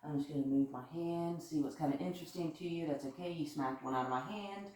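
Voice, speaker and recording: A woman with a fairly low voice talks through a dog training session in a chatty, upbeat way. She sounds far from the mic, in a very echoey living room. A faint hiss sits under her voice. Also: quick pace, a little mellow. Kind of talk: casual training demonstration. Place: living room at home with a couch.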